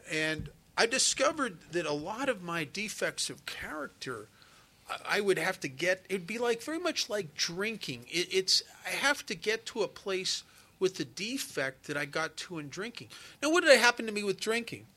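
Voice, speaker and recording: A man's voice: sits high, big pitch swings, moderate pace, bright, forceful tone. A man speaking at a recovery meeting, telling a personal story in an earnest, conversational way and acting out the dialogue. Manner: storytelling, acts out quoted dialogue.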